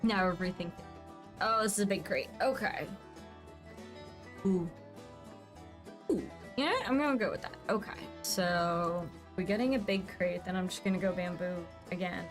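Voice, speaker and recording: A woman's voice: on the low side, normal speed, pauses often, over music. A woman in her thirties streaming a building game, chatting casually and thinking aloud with playful asides. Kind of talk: casual gameplay commentary.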